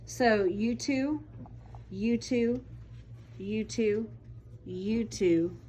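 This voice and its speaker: Brief: female teacher, slow and warm with kids, slightly high voice, faint classroom hum. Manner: patient, encouraging, calls on children by name. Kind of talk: classroom vocabulary lesson.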